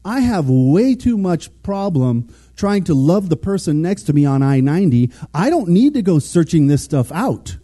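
Man, casual sermon, lively swinging pitch, dark husky voice. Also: normal speed, hardly any pauses. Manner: animated, conversational, acts out quotes. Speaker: preacher.

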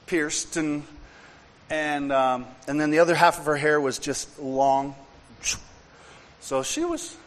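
A man's voice: on the high side, fairly bright tone. Man preaching in a reverberant church. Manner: conversational storytelling that builds to emphatic repetition. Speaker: pastor. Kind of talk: sermon with personal storytelling. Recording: long reverb and faint room ambience.

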